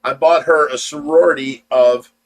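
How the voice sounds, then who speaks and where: A man's voice: a little high, fairly even intonation, moderate pace, rough recording. A middle-aged man co-hosting a casual livestream, easygoing and teasing as he reads out viewer comments. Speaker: livestream co-host.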